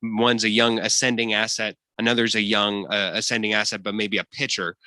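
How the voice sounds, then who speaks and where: Male co-host, mid-pitch, bright tone, explains and stumbles over words, dry studio. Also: level tone, a little fast, no echo. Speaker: radio co-host. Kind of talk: casual sports radio banter. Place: radio studio.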